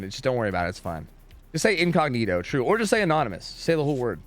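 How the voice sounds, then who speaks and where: A man's voice: mid-range voice, fast, faint music behind. A young man streaming a game from home, chatting casually with his viewers, swearing a lot and ranting with plenty of energy. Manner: profane, animated and ranting, talks to chat. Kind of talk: casual livestream chat.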